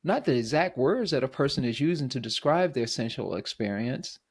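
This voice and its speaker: A man hosting a podcast, talking reflectively in a thoughtful, halting way with many restarts. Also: medium pitch, big pitch swings, slightly rough. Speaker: podcast host. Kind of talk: reflective conversation.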